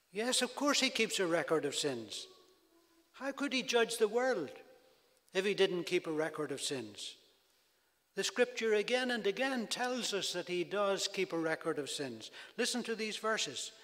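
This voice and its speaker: A man delivers a sermon at an unhurried, measured pace, his voice sitting somewhat high for a man. He leans into quoted prayers with rising emphasis. The recording carries a long, echoing reverb of a large hall. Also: fairly bright tone. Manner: slow, deliberate preaching with emphatic rises on quoted cries. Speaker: preacher.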